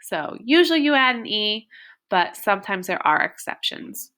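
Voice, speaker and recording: A woman teaching a beginner French lesson, slowly modeling each example phrase. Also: medium pitch, sing-song, sharp tone. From United States.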